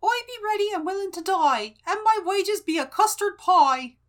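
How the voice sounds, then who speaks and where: A hapless young male mole comic, high and squeaky, talking in a rustic country dialect. A woman puts him on while reading out a book scene. He yelps his lines like a clumsy stage performer. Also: expressive, normal speed. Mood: boastful.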